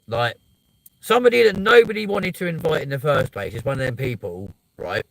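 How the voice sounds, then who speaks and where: A man's voice: on the high side, lively intonation, fairly quick, creaky, a bit bright, dry recording, poor audio. A man ranting casually and bluntly, swearing a lot as he tells a story. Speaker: vlogger.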